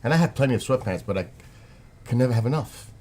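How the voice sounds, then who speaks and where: A man's voice: medium pitch, animated, fast talker, darkish tone. A man with a New York accent, chatting casually and rambling to his viewers on a live stream.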